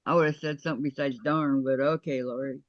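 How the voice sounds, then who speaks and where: A woman's voice: a bass voice, steady tone, fast, no room sound, dull audio. A woman hosting a casual video call who chats, reads viewer comments aloud and laughs easily. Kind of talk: casual chat.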